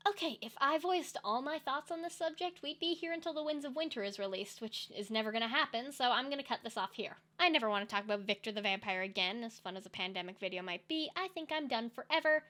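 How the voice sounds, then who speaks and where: A woman's voice: fairly high pitch, fast, hardly any pauses, pushed and bright. A young woman giving sarcastic, ranting comedic commentary on films and TV. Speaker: video essay commentator.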